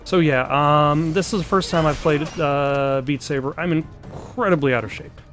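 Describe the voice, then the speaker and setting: A man's voice: fairly high pitch, normal speed, fairly bright tone, soft background music. A young man, out of breath, rambling through casual gameplay commentary with many ums and uhs. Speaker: let's play host.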